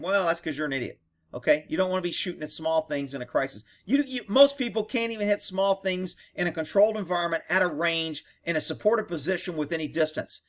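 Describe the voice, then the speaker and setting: A man's voice: fairly high pitch, quick pace, fairly bright tone. A man giving blunt, sarcastic and profane commentary on police footage. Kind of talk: video commentary.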